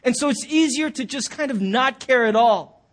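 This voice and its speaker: Male pastor with a very high voice, animated sermon storyteller who acts out the quotes. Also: normal speed. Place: church sanctuary.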